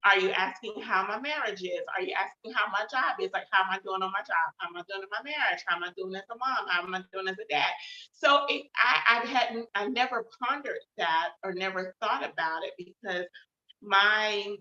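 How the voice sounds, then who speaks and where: Bright-voiced woman chatting reflectively. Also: medium pitch, a little fast. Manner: chatty and reflective, many fillers. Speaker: host. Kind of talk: casual personal check-in talk. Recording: roomy, slightly dull sound.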